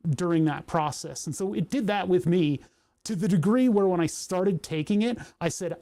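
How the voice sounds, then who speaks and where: With a warm voice that sits high, a Pennsylvania man livestreams at a normal speed, chatting loosely and rambling. He reads his chat aloud and often jokes at his own expense.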